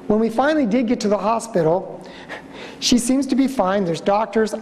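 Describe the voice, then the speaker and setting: A man giving a storytelling conference lecture as a museum director, an animated speaker who acts out the voices in his stories. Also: high-pitched, moderate pace. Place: conference hall. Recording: reverberant lecture hall.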